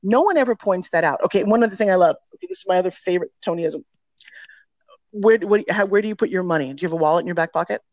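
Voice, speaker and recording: A woman's voice: on the low side, quick pace, darkish tone, no room sound, dull audio. Middle-aged woman guest on an interview, punchy emphatic storyteller, dry close sound. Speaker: podcast guest, personal development teacher.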